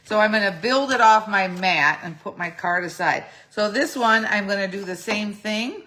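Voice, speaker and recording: A woman's voice: mid-range voice, normal speed, a bit bright. Chatty woman demonstrating a craft. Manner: chatty, thinks aloud, self-correcting. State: clearing a phlegmy throat. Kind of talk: casual step-by-step craft tutorial.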